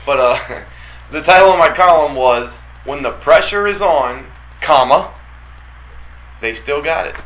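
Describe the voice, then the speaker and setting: A man's voice: a little high, expressive, measured pace, long pauses, a bit bright, poor audio. A man hosting an internet radio show, talking in a blunt, opinionated and teasing way. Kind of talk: casual chat.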